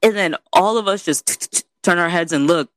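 Woman, young adult, casual storyteller, animated and chatty, dry close mic. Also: fairly low pitch, brisk, dry recording. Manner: animated, chatty, peppered with "you know".

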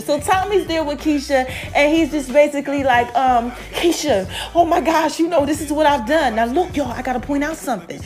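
A woman giving a casual, animated recap of a TV episode, talking straight to her listeners and acting out the characters' lines. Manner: chatty, animated, addresses listeners as y'all; acts out characters' lines with quick pitch jumps. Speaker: TV recap host.

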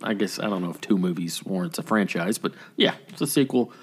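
A man's voice: sits low, fairly quick, slightly rough. A man co-hosting a podcast, talking casually and opinionatedly about films. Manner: laid-back, opinionated film talk. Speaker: podcast co-host. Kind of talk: casual chat.

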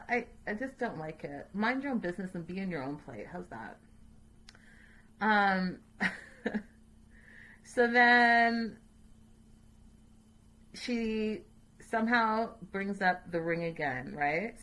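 A woman's voice: medium pitch, bright, forceful tone, low-quality recording. A woman in a casual chat, recapping a reality show for her viewers, opinionated and chatty with sassy asides.

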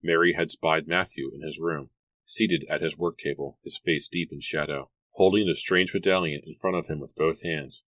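A man narrating an audiobook in a measured storybook reading. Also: very deep voice, steady tone, fairly bright tone, no room sound.

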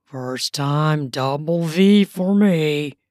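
Woman doing a low, droning sing-song man for an erotic audio story; slow, dry read. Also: darkish tone, dry recording. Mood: content. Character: mellow sing-song middle-aged male lover.

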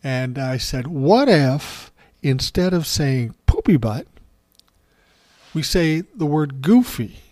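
A man's voice: fairly high pitch, expressive, takes it slowly, a little mellow, no echo, studio quality. An older man hosting a show, telling stories in a casual, self-mocking way, swearing freely. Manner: profane, self-mocking and wry. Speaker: host. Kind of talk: casual storytelling monologue.

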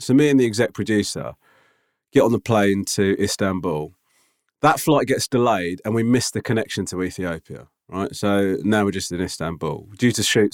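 A man's voice: lowish voice, dry recording, studio quality. A man chatting casually, telling a travel story with wry asides. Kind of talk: casual chat.

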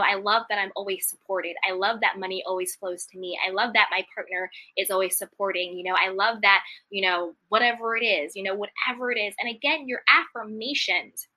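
A woman's voice: medium pitch, sharp tone. A woman giving a motivational self-help talk, speaking straight to her listeners in an encouraging tone and often repeating key phrases.

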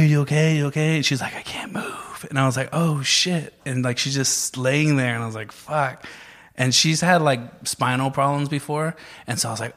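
Man spinning a profane, animated story in casual chat, voicing the people in it. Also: mid-range voice. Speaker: guest telling a story.

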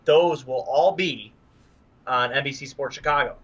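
A man's voice: medium pitch, unhurried, lo-fi sound, crowd noise. A man co-hosting a casual sports podcast, joking around and telling stories with energy. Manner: animated, jokey storyteller. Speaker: podcast co-host.

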